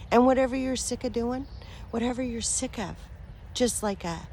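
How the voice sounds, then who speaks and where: A woman talking straight to her viewers as a spiritual vlogger, earnest and affectionate, rambling with fillers and soft laughs. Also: fairly high pitch, moderate pace, a little hiss or hum. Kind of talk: heartfelt direct-to-camera talk.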